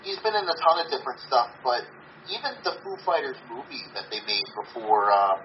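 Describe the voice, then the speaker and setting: A man's voice: mid-range voice, fairly quick. A young man co-hosting a podcast, chatting casually about a movie in a rambling, nitpicky way and swearing often. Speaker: podcast co-host. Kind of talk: casual movie review chat. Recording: slightly muffled with faint hiss.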